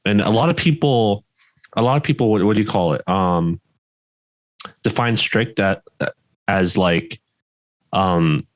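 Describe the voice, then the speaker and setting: A man's voice: fairly low pitch, a little slow, long pauses, no room sound. Stern-voiced man losing his voice. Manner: stern, even-toned, explains at length. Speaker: podcast co-host, martial arts instructor. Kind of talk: casual chat.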